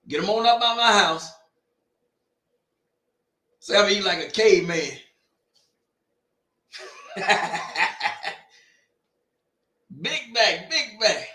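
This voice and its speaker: A man hosting a game watch party from his home, joking in loud, slangy banter. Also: high voice. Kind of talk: casual chat. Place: home room. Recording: echoey room.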